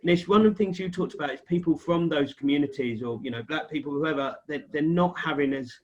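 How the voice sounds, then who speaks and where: A man's voice: a little high, a little fast, dull audio. A man hosting a panel discussion, talking conversationally as he thinks aloud. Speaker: panel host. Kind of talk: panel discussion on video call.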